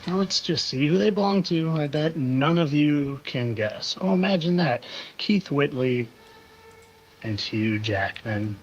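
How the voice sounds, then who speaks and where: Man, host, sarcastic insinuating delivery, higher voice, dull lo-fi audio. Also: slow, slight background noise. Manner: sarcastic, insinuating, repeats phrases for effect. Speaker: conspiracy video host. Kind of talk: monologue over clips. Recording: dull lo-fi sound.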